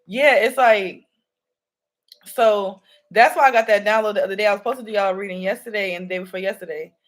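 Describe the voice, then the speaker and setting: A woman's voice: medium pitch, fast talker. A woman, a spiritual reader talking loosely and rambling to her viewers about signs and energy. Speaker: spiritual reader and channel host. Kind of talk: casual spiritual channeling talk to viewers. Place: home room with candles.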